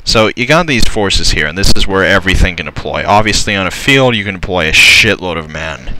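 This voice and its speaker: A young man casually commentating a strategy game, excitable and swearing, often laughing in disbelief. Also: sits low, fairly quick, a little hiss or hum, poor audio. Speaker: gameplay commentator. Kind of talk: casual let's-play commentary.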